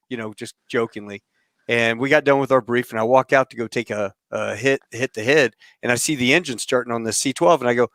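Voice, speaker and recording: Animated man telling a story. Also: mid-range voice, fairly quick, dry recording. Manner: lively storyteller, animated when telling anecdotes. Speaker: podcast host. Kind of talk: casual interview.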